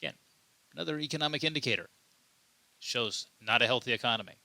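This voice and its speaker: A man's voice: mid-range voice, expressive, quick pace, sharp tone. A man hosting his own political commentary show, talking emphatically off the cuff and often repeating and restarting his words. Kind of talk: unscripted commentary monologue.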